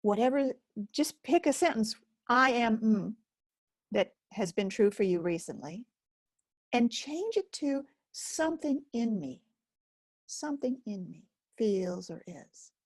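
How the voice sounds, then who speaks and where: Gentle woman teacher with a lively, high voice. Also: no echo, studio quality. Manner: gentle, slow and pausing, speaks as if to a listener. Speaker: focusing teacher. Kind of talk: guided self-help lesson.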